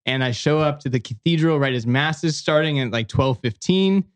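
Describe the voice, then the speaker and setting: A man, a podcast guest, telling a story in a casual, lively way and often acting out other people's lines. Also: a little high, moderate pace, smooth. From United States.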